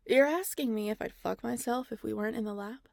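A woman plays a frazzled young scientist who trips over her words, fast and flustered. Her voice sits a touch high with a heavy gravelly fry running through it. It is recorded close and dry. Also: no echo.

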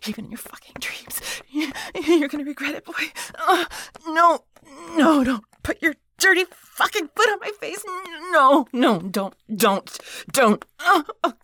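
A woman's voice: sits high, moderate pace, sharp tone, dry recording, clean studio sound. A woman voicing a proud, defiant female boss and mother in an adult audio role-play, talking breathily and dropping into whispers. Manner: breathy, moaning, sudden whispers.

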